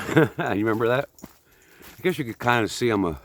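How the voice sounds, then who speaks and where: A man's voice: medium pitch, animated, moderate pace, slight background noise. A man in his fifties from the United States, chatting casually while walking outdoors on a hike. He rambles and pokes fun at himself, a little out of breath. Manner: rambling, chatty, self-deprecating. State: slightly out of breath. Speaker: vlogger.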